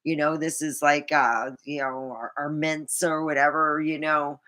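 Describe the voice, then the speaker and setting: A woman's voice: low-pitched, flat delivery, a little slow, a bit bright. A middle-aged woman vlogging in a meandering casual monologue, full of fillers and frequent laughter.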